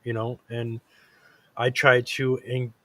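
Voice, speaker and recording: A man's voice: mid-range voice, monotone, slow pace, sharp tone. A man hosting a casual talk show, earnest and rambling, with lots of fillers and restarts. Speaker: podcast host. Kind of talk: casual chat.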